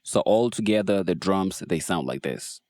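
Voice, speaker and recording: A man casually walking through how he built a beat, in a laid-back, relaxed way, as host of a production tutorial. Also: deep voice, moderate pace. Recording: faint music behind voice. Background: beat playback.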